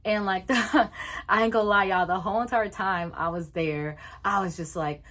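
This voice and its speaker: A young woman vlogger telling a casual story, animated, swearing freely and acting out what people said. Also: medium pitch, normal speed.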